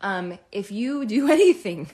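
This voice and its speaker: A woman's voice: medium pitch, a little slow. A woman co-hosting a podcast, chatting casually and telling stories with lots of laughter. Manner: giggly, animated storytelling. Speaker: podcast co-host. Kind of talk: casual chat.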